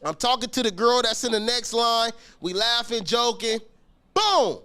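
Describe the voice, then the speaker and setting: Dude with a real high bright voice telling a wild school story, slangy, cussing a lot. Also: male voice, unhurried, clear, resonant tone. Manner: animated, slangy, swears often, acts out scenes. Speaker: podcast guest telling a story. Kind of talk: casual street storytelling.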